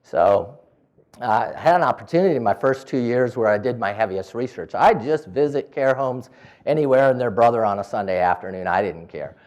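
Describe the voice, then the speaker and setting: Guy giving a talk, super animated, does little voices for people in his stories. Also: mid-range voice, fairly quick. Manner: animated, acts out dialogue in quoted voices. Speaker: business owner giving a talk. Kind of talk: storytelling speech.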